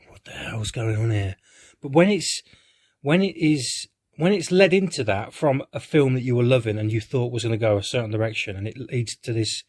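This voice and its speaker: A man's voice: medium pitch, darkish tone. A man giving a rambling, hesitant live-reaction film review, who swears casually and keeps restarting his sentences.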